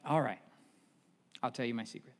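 A worn-out strongman giving in, his voice dropped low and quiet, as a preacher acts him out. He speaks plainly and without fight. The words hang in a long, ringing reverb. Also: normal speed, natural voice. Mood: resigned. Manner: low, subdued and resigned.

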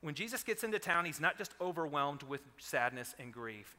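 Male pastor, 30s, slightly high, bright voice, animated sermon delivery, reverberant hall. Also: moderate pace, few pauses. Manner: animated storytelling, rising loud on quoted commands.

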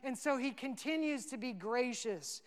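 A man's voice: very high-pitched, expressive, normal speed. A male pastor preaching a sermon, earnest and rising to emphatic peaks. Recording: long reverb of a hall.

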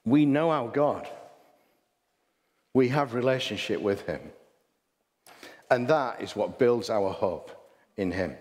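A man's voice: mid-range voice, slow, pauses often, a little mellow. Hull-accented man preaching in a reverberant hall. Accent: Hull English. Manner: conversational preaching with rhetorical questions and restarts. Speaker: pastor. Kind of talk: sermon.

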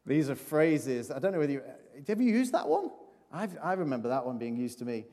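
A man's voice: on the high side, very animated, fairly quick, dark tone. A man giving a playful children's talk in a church service, chatting and asking the audience questions. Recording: long reverb of a large hall.

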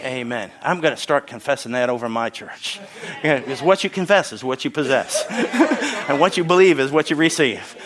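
A man's voice: medium pitch, expressive, moderate pace, crowd noise. A man in his sixties from the Philadelphia area, preaching a sermon as guest pastor with jokes and frequent hallelujahs. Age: 60s. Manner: joking, exclamatory, frequent hallelujahs.

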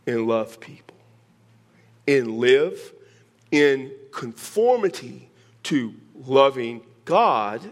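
An older man preaching a sermon, teaching verse by verse with joking asides to his congregation. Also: medium pitch. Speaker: pastor.

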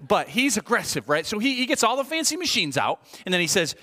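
A man in his forties preaches in a reverberant church hall, his voice bright and forceful. He talks in a chatty, animated way, full of quick restarts and self-deprecating humor. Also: fairly high pitch. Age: 40s. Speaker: pastor. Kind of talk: sermon with humorous stories. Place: church sanctuary.

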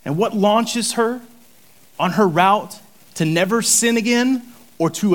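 A young man with a high voice delivers a casual, storytelling sermon. He ranges from bursts of loud, quick excitement to soft, whispered reflection. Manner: animated, swings from loud excited to hushed whisper. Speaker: pastor.

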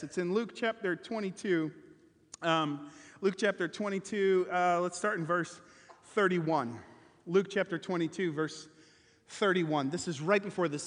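High-voiced pastor preaching in an echoey hall. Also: male voice. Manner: emphatic, swings between loud stressed words and hushed quiet passages. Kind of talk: sermon.

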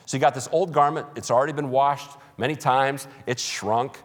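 A man's voice: medium pitch, steady tone, moderate pace, few pauses, in a large hall. A man preaching a sermon as pastor, emphatic and conversational, with humorous asides. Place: church.

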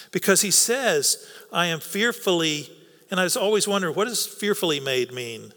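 A man's voice: fairly high pitch, expressive, normal speed, gravelly, bright, forceful tone. A man preaching a sermon in an earnest, coaxing way, repeating words for emphasis. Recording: long reverb of a hall.

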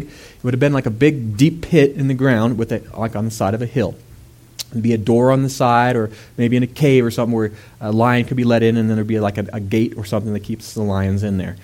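Animated male preacher telling a story. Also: mid-range voice. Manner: animated, rising to raised emphatic delivery; conversational asides with fillers and laughs. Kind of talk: sermon.

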